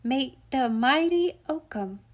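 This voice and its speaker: A woman voicing a small boy who recites a verse slowly in a baby voice, stressing the wrong words. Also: high-pitched, lively intonation, voice pushed up. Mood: proud. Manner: slow, emphasis on the wrong words. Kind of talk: audiobook reading.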